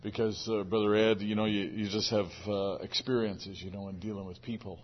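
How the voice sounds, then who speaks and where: A man speaks slowly and reflectively in a low, flat, husky voice. He pauses often as he gathers his thoughts. The recording is dull and sounds a little off mic. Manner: quiet, reflective, halting.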